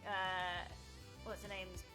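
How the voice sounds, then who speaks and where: A woman's voice: fairly low pitch, little pitch movement, slow pace. Woman streamer, chatty and self-deprecating, casual let's-play banter over faint game music. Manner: chatty and self-mocking, often laughing. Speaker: streamer playing a video game. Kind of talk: casual let's-play chat, reading game text aloud.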